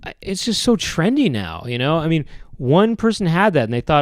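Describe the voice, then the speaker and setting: A man's voice: on the high side, very animated, moderate pace, no echo, studio quality. A man hosting a solo podcast, talking in a meandering, hesitant way with wry complaints about everyday habits. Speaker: podcast host. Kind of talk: rambling solo podcast monologue.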